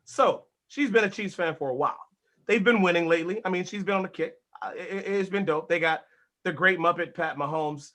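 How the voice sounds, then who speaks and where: A man hosting a casual sports podcast, hyped and energetic, swearing casually as he talks. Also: high-pitched, fairly quick. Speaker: podcast host.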